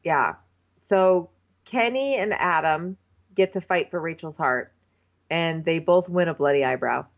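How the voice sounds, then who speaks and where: Female co-host, low pitch, muffled lo-fi recording; blunt, casual, swears freely. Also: a little slow. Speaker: podcast co-host. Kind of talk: casual recap chat. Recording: dull lo-fi sound.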